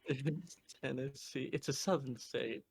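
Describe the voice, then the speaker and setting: A man's voice: medium pitch, steady tone, measured pace, slightly rough, no room sound. Male GM, easygoing narration, dead-dry recording. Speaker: game master. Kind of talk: narrating a tabletop game.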